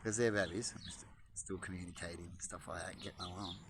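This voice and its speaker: A man's voice: fast talker, background noise. Rambling man outdoors amid birdsong. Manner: chatty, swings between low mutters and high excited baby talk to birds. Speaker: vlogger. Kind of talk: casual rambling chat. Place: outdoors at a bird-feeding spot. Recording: outdoor audio with birdsong behind. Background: birds chirping.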